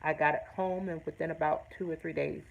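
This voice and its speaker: A woman's voice: low voice, fairly even intonation, fairly quick, creaky, dull audio. A woman hosting her own show, telling a personal story in an earnest, emphatic way with blunt, salty language. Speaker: host. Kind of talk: personal testimony to camera.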